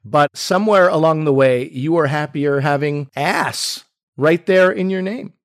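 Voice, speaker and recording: A man co-hosting a podcast, chatting casually and telling animated stories where he acts out other people's lines. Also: a little high, measured pace. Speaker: podcast co-host.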